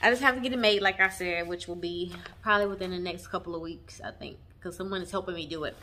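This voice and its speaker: A young woman chatting to her viewers, warm and emotional, often saying y'all. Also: on the low side, fast, a little hiss or hum. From Texas. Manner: emotional, near tears at times. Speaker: vlogger. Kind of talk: casual chat. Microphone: camera mic on tripod.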